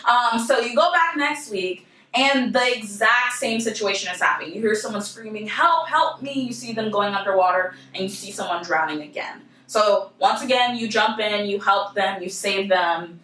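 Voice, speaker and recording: Young woman, bright voice, lively storyteller addressing students, mic set back in an echoey room. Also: medium pitch, moderate pace, few pauses. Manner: lively, addresses the audience directly, acts out quoted voices. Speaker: presenter at a university civic engagement center. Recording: roomy, from a distance.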